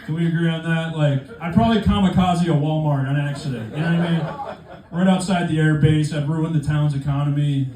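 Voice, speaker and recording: A man's voice: fairly high pitch, fairly even intonation, fairly quick. A young man doing a stand-up comedy set in a club, self-deprecating with conversational asides. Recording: echoey club room from far off, crowd laughter.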